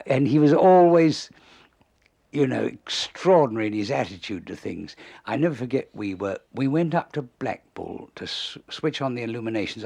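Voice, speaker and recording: An older man, a comedy writer and interview guest, telling lively anecdotes and chuckling at his own stories. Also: mid-range voice, gravelly. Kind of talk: anecdotal storytelling.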